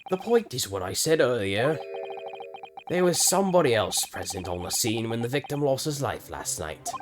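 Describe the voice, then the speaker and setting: A man's voice: medium pitch, lightly acted. A man voicing a theatrical male British detective with a put-on British accent and a grand, declaiming delivery. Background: video game music.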